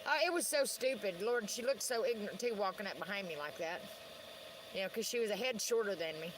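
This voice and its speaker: A woman's voice: medium pitch, brisk, background noise. A woman ranting on a livestream, rambling and combative, with heavy swearing.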